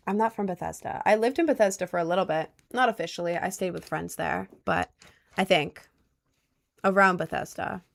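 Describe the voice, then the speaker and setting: A woman's voice: mid-range voice, a little fast, vocal fry, a bit bright. A young woman from Maryland chatting casually on a livestream, answering viewer questions with playful, dry sarcasm. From Maryland, USA. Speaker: streamer reading chat.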